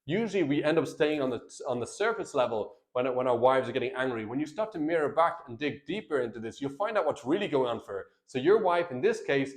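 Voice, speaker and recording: Man, marriage coach, earnest, plain-spoken, talks to camera, middle pitch. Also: expressive, quick pace, hardly any pauses. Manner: earnest, plain-spoken, addresses viewers as guys and brother. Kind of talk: direct-to-camera coaching talk.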